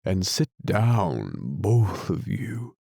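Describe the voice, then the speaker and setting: A weary male lion with a deep, hollow voice that yawns through its words, as a male audiobook narrator puts him on. He drawls very slowly in a dry, close recording. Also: very animated, creaky, darkish tone, dry recording, heavily acted. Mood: sleepy. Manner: yawning, slow, drawling. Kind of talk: audiobook character reading.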